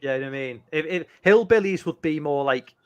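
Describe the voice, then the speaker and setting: A man's voice: on the high side, expressive, a little fast, a little mellow, clear, resonant tone, no echo. A man with an English accent chatting casually on a video call, rambling with many fillers and restarts. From United Kingdom. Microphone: computer mic on a video call.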